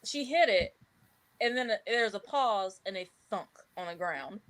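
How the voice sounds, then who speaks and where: A woman chatting casually with friends, her voice at an ordinary middle pitch. She tells stories with lively energy, breaks into laughter often and acts out her own reactions in quick bursts. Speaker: podcast co-host. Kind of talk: casual chat.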